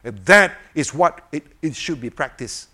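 An older man giving an informal sermon, animated and full of rhetorical questions, chuckling as he demonstrates a fidget toy. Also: a little high, unhurried. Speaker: preacher.

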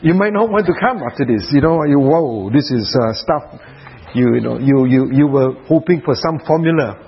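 A man preaching a sermon at a prayer retreat, dramatic, dropping to soft hushed passages. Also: fairly high pitch, fairly quick, gravelly, lo-fi sound, slight background noise.

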